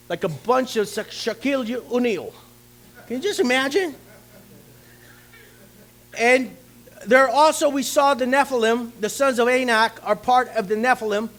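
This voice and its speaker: A male pastor preaching a lively sermon, acting out the story's characters and calling out questions to his congregation. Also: very high-pitched, normal speed. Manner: theatrical, asks the congregation questions. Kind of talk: animated sermon with acted-out voices.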